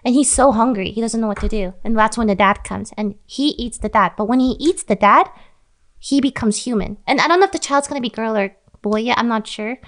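A woman's voice: a little high, fairly quick. A woman on a podcast, rambling and laughing as she makes up a strange story in casual chat. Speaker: podcast co-host.

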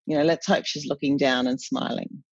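A woman, an interview guest chatting in an animated storytelling way with frequent self-corrections. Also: extremely low pitch, moderate pace, breathy edge, no echo. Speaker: cookbook author guest. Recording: dull, dry podcast audio.

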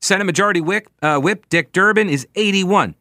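A man's voice: high voice, fairly quick, pushed and bright, no room sound, studio quality. A man hosting a talk radio show, giving opinionated political commentary in a sarcastic tone, full of rhetorical questions.

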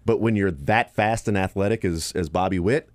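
A man with a low voice talks through baseball on sports radio, thinking aloud and circling back with plenty of ums and uhs. The sound is close and dry, with no room around it. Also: normal speed, no echo. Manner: rambling, thinking aloud with fillers.

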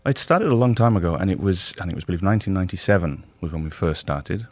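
A man from Wales, a guest on a radio chat, talking easygoingly with dry humour and some halting restarts. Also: deep voice, expressive. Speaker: guest, social club representative. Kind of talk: casual chat interview.

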